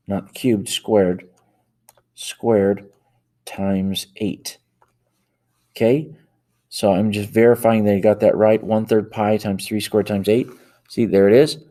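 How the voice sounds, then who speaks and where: Mellow-voiced man talking through math. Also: fairly low pitch. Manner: talks aloud while typing into a calculator, self-correcting. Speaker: math teacher. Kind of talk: worked-example math lesson.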